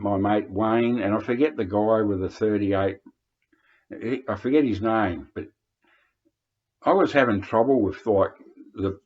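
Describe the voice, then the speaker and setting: An older Australian man telling rambling anecdotes, hesitant, with many fillers and restarts. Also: on the low side. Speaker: vlogger reminiscing. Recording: dull lo-fi recording.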